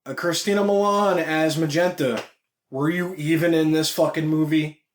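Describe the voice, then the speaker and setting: A man's voice: a little high, fairly even intonation, moderate pace, a little hiss or hum. Profane, blunt male film reviewer. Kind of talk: casual opinionated review. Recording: echoey room.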